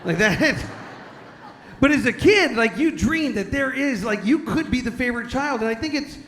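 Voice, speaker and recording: A man from San Diego, California performs stand-up in a large hall before an audience, telling self-deprecating family stories and slipping into character voices. His voice is extremely high, lively in intonation, a bit bright and at normal speed, and the live recording echoes.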